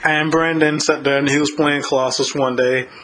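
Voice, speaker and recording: A man's voice: on the high side, fairly even intonation, normal speed, background noise. A man telling stories in casual chat as a podcast co-host, laughing often as he talks.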